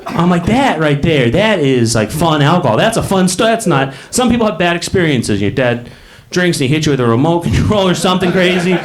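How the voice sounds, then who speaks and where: A brisk, very animated man with a voice on the high side works a club stage doing stand-up. His stories wander, and he acts out everyone's voices. The live recording picks up the audience laughing.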